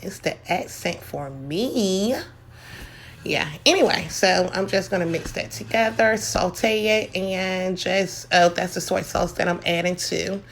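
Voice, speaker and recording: A chatty middle-aged woman walks viewers through a home cooking demonstration. Her voice carries a gravelly fry, and her talk is folksy and loose. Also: on the low side, level tone, unhurried, few pauses, slight background noise.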